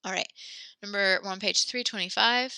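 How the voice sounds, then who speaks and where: A woman's voice: medium pitch, moderate pace, bright, forceful tone, clean tone, no echo. A woman teaching a French class, patiently explaining grammar step by step and giving encouraging feedback.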